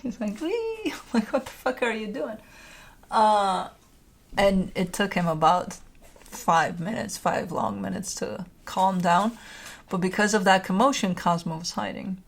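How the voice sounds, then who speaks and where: Doting woman cooing to her pets. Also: on the low side. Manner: doting, laughing baby talk with pets. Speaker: tarot reader host. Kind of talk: casual chat.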